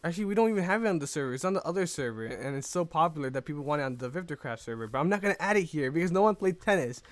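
A young man with a slightly high voice gives casual gameplay commentary. He rambles along and pities himself, with bursts of mock outrage. The mic sits close and the sound is dry. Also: no room sound. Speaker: YouTuber playing and commenting on his own game.

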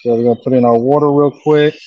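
A man working as an airbrush artist, explaining a design slowly and casually while he paints, with many pauses and ums. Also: medium pitch, fairly even intonation, lo-fi sound. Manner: slow, easygoing, lots of ums.

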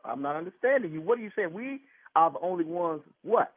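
A man's voice: high-pitched, lively intonation, a little fast, no echo. A man taking a phone call, confrontational and indignant, repeating himself. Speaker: prank call target. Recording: tinny phone line, dry.

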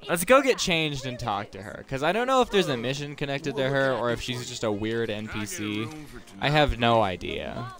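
Playing through a game as a streamer, this young man keeps up a chatty, rambling stream of self-talk. He speaks at a moderate pace in an expressive, mid-range voice.

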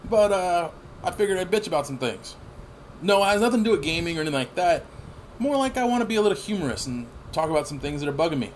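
A man in his thirties giving rambling, profane gameplay commentary with sudden excited outbursts. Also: high voice, quick pace, a little hiss or hum. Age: 30s. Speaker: gaming channel host.

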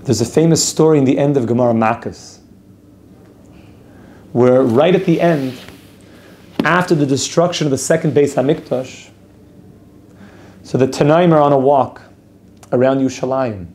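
Rabbi teaching outdoors, mid-pitched man, lively storyteller who repeats lines for emphasis. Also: moderate pace, pauses often, a little hiss or hum. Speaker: rabbi teaching a Torah class. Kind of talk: spoken Torah lesson with storytelling. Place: outdoors at a lookout over a city.

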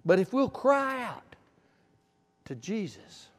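A male pastor preaching a sermon in a church sanctuary, emphatic and repetitive, dropping to quiet asides. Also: high voice, animated, moderate pace. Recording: long church reverb.

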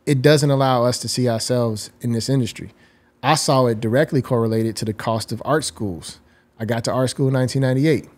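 Guest, man, 40s, articulate and reflective, mid-pitched voice. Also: fairly quick, darkish tone. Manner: articulate, explains ideas at length. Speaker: guest designer. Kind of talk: reflective interview talk.

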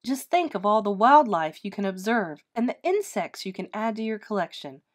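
A bubbly, dreamy mother from a read-aloud storybook, played by a woman. She coaxes her children brightly and gushes with excitement, sounding upbeat and persuasive. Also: medium pitch, normal speed. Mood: cheerful coaxing. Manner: bright and coaxing. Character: enthusiastic, dreamy artist mother.

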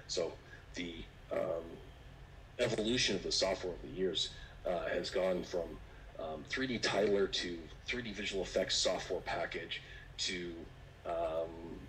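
A man presenting casually on a video call, relaxed and rambling with many fillers. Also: low voice. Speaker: 3D artist presenter. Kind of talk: casual online meetup chat. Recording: distant mic with faint noise.

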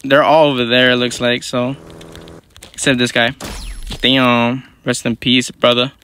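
A young man giving live gameplay commentary in quick, slangy, profane banter as a gaming YouTuber. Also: mid-range voice, level tone, sharp tone, a little hiss or hum.

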